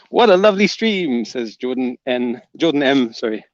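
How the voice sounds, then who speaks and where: With a medium-pitched, very animated voice at a measured pace, this man hosts a casual livestream, reading comments aloud and ribbing the chatters. The sound is lo-fi, with no room sound.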